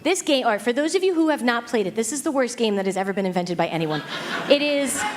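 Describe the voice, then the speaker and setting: A woman in her thirties giving an animated, self-mocking talk to a live audience, with quick asides to the crowd. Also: on the high side, background noise. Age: 30s. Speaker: speaker.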